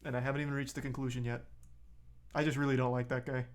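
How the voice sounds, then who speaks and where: A man's voice: medium pitch, little pitch movement, fast. A man streaming a casual reaction to a video, blunt and profane, who gets heated as he comments.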